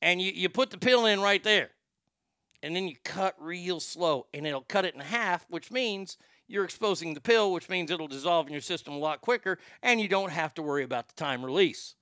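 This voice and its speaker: Bright crude-talking male host. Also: sits high, animated, normal speed, clean tone, no room sound, clean studio sound. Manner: crude, rambling, stammers and repeats words. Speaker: show host. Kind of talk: profane comedic rant.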